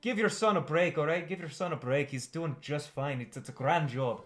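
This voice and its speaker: A man's voice: a little high, normal speed, a bit bright, soft background music, natural voice. A man voicing a hearty middle-aged male customer, effusive and blustery.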